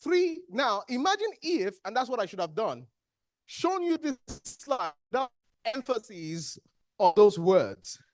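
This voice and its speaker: At a measured pace and in a mid-range voice, a trainer with a Nigerian accent quizzes the room during an interactive workshop. The delivery is animated, posing questions to the training-hall audience and then answering them.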